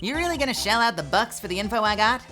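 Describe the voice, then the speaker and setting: A woman's voice: on the high side, lively intonation, fast talker, over music, natural voice. A woman voicing a brash young female photographer in a video game, pushy and folksy with a put-on drawl. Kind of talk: playing a game character aloud.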